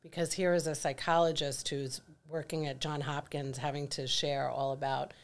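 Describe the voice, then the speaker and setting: A woman's voice: low voice, fairly even intonation, moderate pace. A middle-aged woman co-hosting a podcast, talking candidly and reflectively in casual chat. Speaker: podcast co-host.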